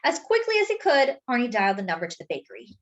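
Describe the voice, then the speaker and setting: A woman reading a children's picture book aloud in an expressive, animated way, with asides to her listeners. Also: on the high side, rapid-fire. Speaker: storyteller. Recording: dull lo-fi sound.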